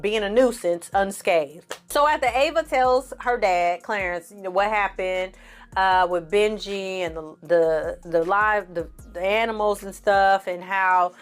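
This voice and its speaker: A woman's voice: medium pitch, measured pace, clean tone, soft background music. A woman recapping and reviewing a movie in a casual, blunt and profane way, full of sarcastic asides. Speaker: film reviewer.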